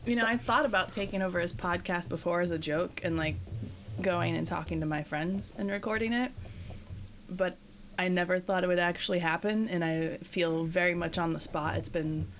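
Middle-aged mother, chatty and giggly, a bit low-pitched, light hiss on the recording. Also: normal speed. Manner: chatty, laughs often. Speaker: guest host, mother. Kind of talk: casual family podcast chat.

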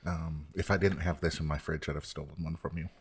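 A man's voice: very deep voice, steady tone, fairly quick, husky. A man hosting a podcast, chatting casually and joking with friends over beers, rambling with fillers. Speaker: podcast host.

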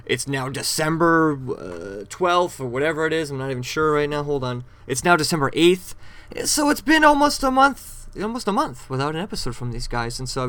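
A man's voice: medium pitch, a bit bright, no echo. A man hosting a podcast on his own, recapping a TV episode in a rambling, chatty way with frequent self-corrections. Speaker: podcast host.

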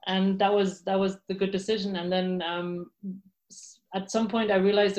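A woman's voice: medium pitch, steady tone, normal speed. A woman guest in an interview, talking candidly with frequent laughs and restarts. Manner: candid, laughs often, many fillers and restarts. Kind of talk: casual interview talk.

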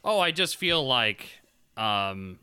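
A man chatting casually on a podcast, relaxed and easygoing, chuckling as he talks. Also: medium pitch, slow pace, smooth, no echo.

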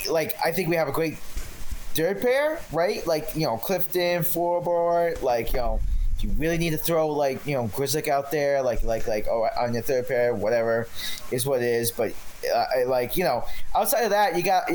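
A man's voice: a little high, darkish tone, a little hiss or hum, rough recording. A man co-hosting a sports podcast, rambling with lots of fillers. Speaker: podcast co-host. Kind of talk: casual podcast chat.

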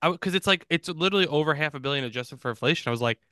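A man co-hosting a movie podcast, chatting casually and reading out film stats with quick restarts. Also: on the high side, expressive, pushed and bright, no echo, studio quality. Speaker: podcast co-host. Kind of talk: casual chat.

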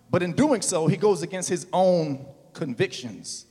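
A male pastor preaching a sermon in a casual, slangy way, building to loud, emphatic calls. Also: sits high, expressive, measured pace, few pauses, slightly rough, in a large hall.

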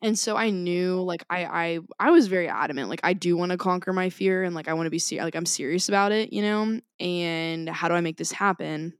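A woman's voice: lowish voice, brisk, hardly any pauses, smooth, dry recording, studio quality. A woman, co-hosting a podcast, who tells a story animatedly and laughs often. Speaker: podcast co-host. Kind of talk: casual chat.

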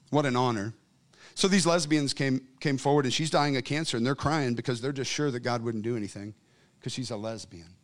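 Fervent preacher man with a lively pitch. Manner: fervent, swings from quiet to loud; conversational storytelling. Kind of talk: sermon. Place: church service.

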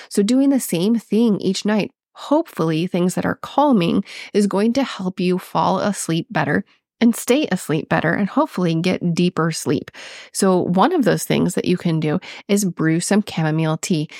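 A woman with a Minnesotan accent hosts a solo health podcast, chatty and earnest. Her voice sits a little low. It comes through a close, dry mic with no room sound. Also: darkish tone, no echo. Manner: chatty, earnest, laughs at herself. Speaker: podcast host.

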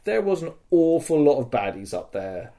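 A man's voice: on the high side, sing-song, normal speed, warm tone. A man on a podcast, telling a story in casual chat, swearing freely and acting out the scenes with sound effects. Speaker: podcast host.

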